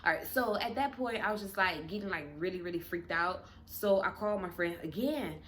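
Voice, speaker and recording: A woman telling a story in a casual storytime video, expressive, swearing freely and acting out the people she quotes. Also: lowish voice, a little fast, slight background noise.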